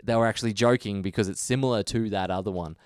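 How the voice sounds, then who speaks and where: Animated Australian man telling a story. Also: fast, clear, resonant tone, dry recording, studio quality. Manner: animated, jumps up in pitch for quoted voices. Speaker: podcast co-host. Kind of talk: casual chat, storytelling.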